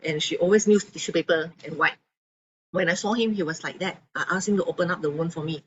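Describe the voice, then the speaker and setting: Low-voiced woman. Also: fast, muffled recording, slight background noise. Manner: animated storyteller, acts out quotes. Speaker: speaker giving a testimonial. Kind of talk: testimonial talk to an audience.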